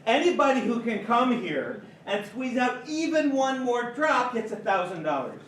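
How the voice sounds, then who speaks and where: A man leading a live joke contest, telling jokes in an animated way and laughing at his own punchlines. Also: very high-pitched, moderate pace, a little hiss or hum. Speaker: session leader running a joke contest. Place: large conference hall. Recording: echoey hall, distant mic.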